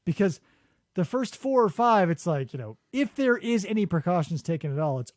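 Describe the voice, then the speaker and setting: Animated high-voiced man telling stories. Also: fairly quick, no room sound, studio quality. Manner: animated storytelling, acts out quotes, swears freely. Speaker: podcast host. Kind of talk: casual chat. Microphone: studio microphone.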